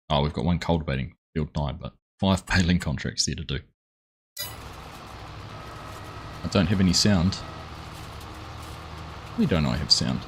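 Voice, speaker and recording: A man's voice: low voice, a little hiss or hum, rough recording. A man hosting a live farming game stream, chatting casually and greeting viewers by name in a friendly, upbeat way. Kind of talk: live gameplay commentary.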